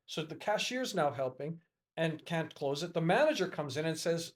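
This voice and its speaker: Middle-aged male podcast guest, higher voice, animated storyteller who acts out the quoted dialogue. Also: moderate pace. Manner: lively, acts out dialogue in a raised voice. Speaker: podcast guest, educator and networker.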